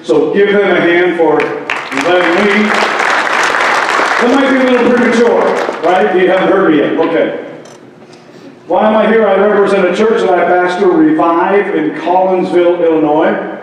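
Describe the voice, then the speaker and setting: A high-voiced man preaching to a town hall crowd. He throws out rhetorical questions and quips. The sound is very echoey and picked up from far across the hall, with faint background noise. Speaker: pastor. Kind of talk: impassioned public speech. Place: town hall meeting in a large hall. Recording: echoey hall, distant mic.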